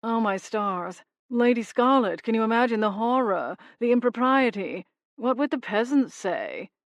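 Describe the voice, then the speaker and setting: A woman's voice: medium pitch, fairly quick, no echo, close to an everyday voice. A woman voicing a mischievous male ghost cat with a mocking, sarcastic manner. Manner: mocking, does a haughty accent impression.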